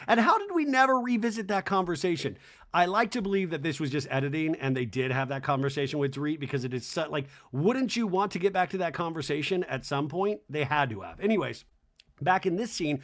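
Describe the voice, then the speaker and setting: A man with a higher-pitched voice talks through a reality TV episode, his pitch swinging widely as he gets excited. He keeps the chat going with little "right?" tags and slips into exaggerated voices for the cast members' lines. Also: fairly quick. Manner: chatty and conversational, with "right?" tags. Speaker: podcast host recapping reality TV. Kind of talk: animated solo recap commentary.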